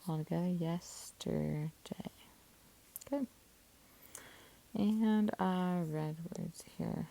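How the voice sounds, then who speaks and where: Slow gravelly woman teaching spelling. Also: fairly low pitch, dark tone, rough recording. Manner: slow, patient, sounding out syllables, sometimes whispering. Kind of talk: spelling lesson.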